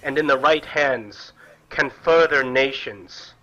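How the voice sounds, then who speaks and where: An earnest, poised priestess , put on by a man, with a bright, forceful edge, her voice lilting upward when surprised. The recording is dull and lo-fi, like a home tabletop game session. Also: medium pitch, takes it slowly.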